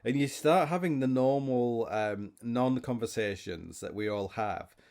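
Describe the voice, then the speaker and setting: In an unhurried, mid-range voice with a darkish tone, this man rambles alone on his podcast, telling stories. He frequently starts over and pokes fun at himself.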